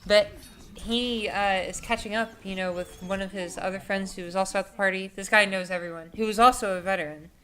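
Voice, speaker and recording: A woman's voice: mid-range voice, fairly even intonation, fairly quick, a bit bright, slight background noise. A young adult woman telling a story casually, rambling and profane, with many filler words. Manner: rambling, profane, heavy with "like" and "you know".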